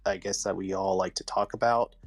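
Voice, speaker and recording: A man's voice: sits low, fairly even intonation, brisk, vocal fry, slightly rough, faint music behind. A man in a casual spiritual chat, explaining his view earnestly and carefully.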